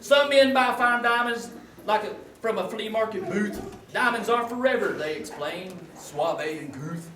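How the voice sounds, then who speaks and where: A man's voice: high voice, a little slow, a crowd in the background. A man doing a folksy comic routine in a church, telling stories in a hillbilly drawl. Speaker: church comedian. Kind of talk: comic storytelling in character. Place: church sanctuary. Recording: echoey church, distant mic, noisy.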